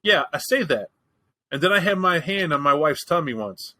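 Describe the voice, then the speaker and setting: Candid, joking man with a bright voice. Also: fairly high pitch, animated, normal speed, a little hiss or hum, low-quality recording. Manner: candid, profane, joking storyteller. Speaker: podcast host. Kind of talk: casual chat.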